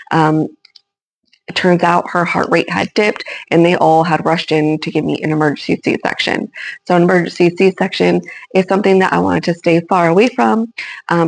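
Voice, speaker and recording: Chatty young mom with a creaky voice. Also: female voice, fairly low pitch, rough recording. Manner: chatty, frequent ums and likes. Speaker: new mother telling her birth story. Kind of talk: casual storytelling to camera.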